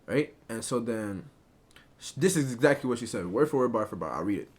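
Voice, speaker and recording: A young man recounts a story to his viewers in a loose, rambling way. His voice sits at an ordinary middle pitch, and he keeps tossing in "like" and "right?" as he goes. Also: animated, fairly quick, breathy edge. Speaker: storyteller streamer. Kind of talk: casual storytelling to a live chat.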